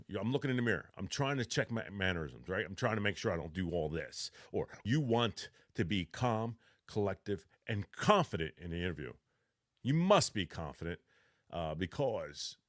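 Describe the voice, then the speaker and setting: Male podcast host, low voice, dry close sound; casual, rambling advice delivery. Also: no echo. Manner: rambling, with restarts and mock interview demonstrations. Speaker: podcast host giving job-search advice.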